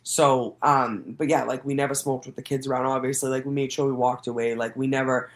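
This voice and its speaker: A woman's voice: extremely low pitch, little pitch movement, brisk. A woman hosts her own livestream show and tells a long, casual story. She rambles, swears freely and breaks into laughter often.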